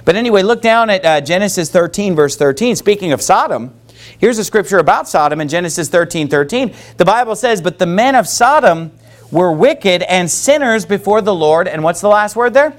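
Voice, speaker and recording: High-voiced man preaching a sermon. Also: lively intonation, normal speed. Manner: preaching with call-and-response from the congregation. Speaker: pastor.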